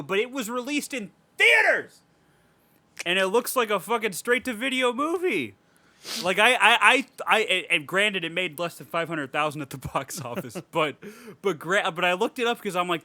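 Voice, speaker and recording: A man's voice: high voice, expressive, normal speed, sharp tone, no echo. A young man co-hosting a casual podcast film review, ranting animatedly with plenty of profanity and laughter. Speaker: podcast co-host.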